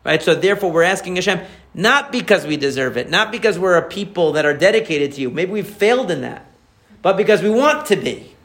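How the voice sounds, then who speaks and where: A man, a rabbi, explaining prayer in a conversational lesson, answering a listener's questions and repeating key phrases as he warms up. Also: sits high, expressive, a little fast.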